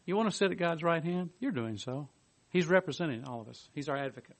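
Lively, fairly high-voiced male preacher. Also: fast. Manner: lively, swings from emphatic to hushed; reads commentary aloud with asides. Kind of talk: sermon.

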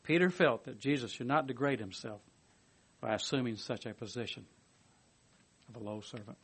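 A man giving a sermon, reading a commentary aloud and adding his own asides, moving between emphatic bursts and quiet, hushed stretches. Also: mid-range voice, moderate pace, slightly rough. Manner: lively, swings from emphatic to hushed. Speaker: preacher.

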